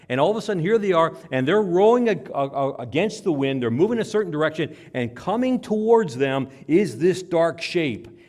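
A man preaching a sermon, telling the story dramatically and acting out cries, whispers and shouts. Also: a little high, big pitch swings, normal speed, few pauses. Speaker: pastor.

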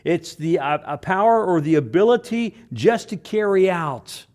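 A man preaching a sermon, repeating phrases for emphasis and swinging between loud stresses and hushed words. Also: high voice, expressive, normal speed. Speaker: pastor.

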